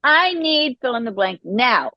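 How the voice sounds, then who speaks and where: A woman shares her personal recovery story as a podcast guest, her fairly high voice swooping up and down as she acts out the voices she quotes. The sound is dry and a little dull, with no room around it. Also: big pitch swings, measured pace, no room sound.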